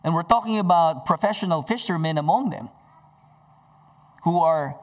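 A man delivers a sermon in a fairly high voice. He retells scripture dramatically, rising sharply for emphasis and dropping low and soft for quiet lines. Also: animated, moderate pace. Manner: dynamic preaching with sudden swings in pitch and volume. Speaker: pastor.

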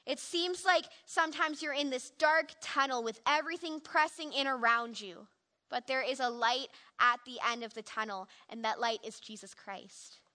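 Delivering an earnest, reflective personal testimony in sermon style, this young woman speaks at a normal speed with fairly even intonation. Her voice sits high, with a bright, forceful tone, as she gives a devotional.

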